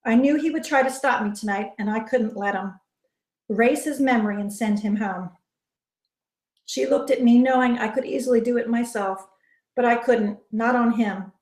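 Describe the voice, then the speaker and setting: A woman author reading her first-person novel aloud in soft, measured narration. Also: a little high. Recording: roomy echo.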